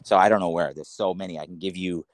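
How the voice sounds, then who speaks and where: A man from the Los Angeles area tells rambling, animated stories as a podcast guest, restarting sentences and laughing along the way. His voice sits low for a man, and the recording is dry and close. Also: fast, no room sound. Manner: rambling, animated, self-correcting, laughs mid-story. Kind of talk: casual storytelling.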